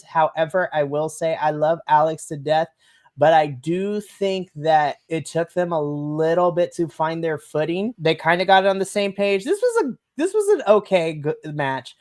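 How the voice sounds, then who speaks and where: A podcast co-host giving a casual, animated wrestling review, laughing often and trailing off mid-sentence. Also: mid-range voice, normal speed.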